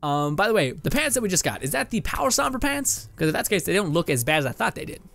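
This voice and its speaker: A man's voice: high-pitched, big pitch swings, fast, gravelly, fairly bright tone. A young man from Canada giving casual, rambling let's-play commentary, laughing often and swearing casually as he plays. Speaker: gaming video host. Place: home room with green screen and lights.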